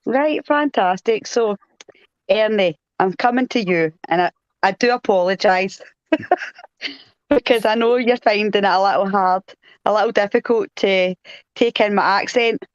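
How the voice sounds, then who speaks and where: A woman's voice: medium pitch, measured pace, no echo. A woman with a Glasgow accent co-hosting a live online show, chatty as she interviews a guest. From Scotland. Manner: chatty, with restarts. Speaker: co-host. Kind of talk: casual interview on a live stream. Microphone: video call. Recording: dull lo-fi online call audio.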